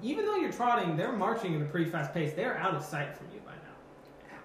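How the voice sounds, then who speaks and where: A woman running a tabletop game as game master, narrating in a lively, laughing way. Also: on the low side. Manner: lively, laughing, quick asides. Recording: echoey room with background noise.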